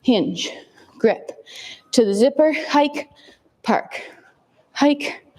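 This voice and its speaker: Drawing out her words in a high-pitched voice, a woman leads a kettlebell workout. She gives calm, brief step-by-step cues and breathes heavily between sets.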